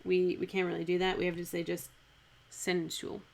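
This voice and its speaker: A woman's voice: lowish voice, monotone, fast, gravelly, a little mellow. A woman streaming live, thinking aloud as she scans a Shakespeare speech, chatty and self-correcting, repeating lines to test their stress. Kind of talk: thinking aloud while scanning verse. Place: home streaming setup.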